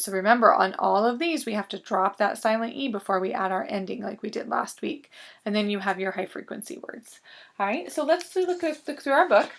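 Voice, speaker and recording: A woman teacher giving a recorded reading lesson to young students, sounding out words slowly and patiently. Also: on the high side, vocal fry, a bit bright.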